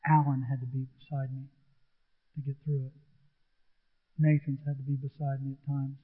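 A man's voice: medium pitch, level tone, moderate pace, slightly rough. Earnest middle-aged man preaching, tinny sound. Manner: earnest, repetitive, emphatic preaching. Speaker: pastor. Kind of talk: sermon.

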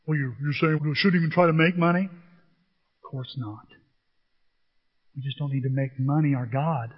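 A man preaching a sermon as pastor, animated and storytelling, acting out the voices of the people in his stories. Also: a little high, moderate pace, husky, in a large hall, highs cut off.

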